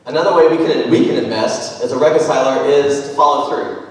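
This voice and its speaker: A man's voice: medium pitch, brisk. Male pastor, conversational sermon, very echoey, distant from the mic. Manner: conversational, animated storytelling. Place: large church sanctuary. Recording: echoey church hall, mic far off.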